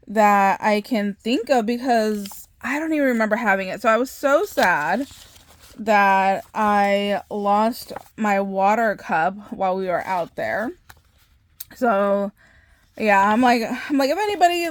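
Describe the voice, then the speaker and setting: A woman hosting a craft channel, telling a story in a chatty, animated way with frequent laughs and filler words. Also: a little high, no echo. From Southern California. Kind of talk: casual storytelling vlog.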